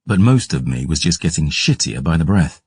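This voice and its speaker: Man reading an audiobook, super deep voice, gruff and measured, dry close sound. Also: very animated, no room sound. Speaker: audiobook narrator. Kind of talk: scripted first-person narration.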